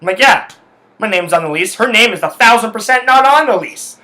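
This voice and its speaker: A man's voice: high-pitched, expressive, a little fast, bright, forceful tone. A man hosting a solo podcast, telling a story in a heated, profane rant full of swearing. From Canada. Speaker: podcast host. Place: his house.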